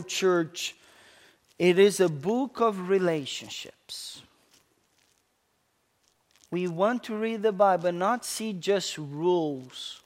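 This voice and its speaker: A man preaching a sermon as pastor, slow and emphatic, asking the congregation questions and dropping to a soft hush on key phrases. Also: high voice, expressive.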